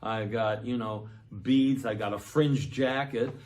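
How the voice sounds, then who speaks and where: A man, a musician telling a lively anecdote and acting out the other voices in it. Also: on the low side, slow. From Canada. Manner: lively, acts out the other voices in his story. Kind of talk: anecdotal storytelling.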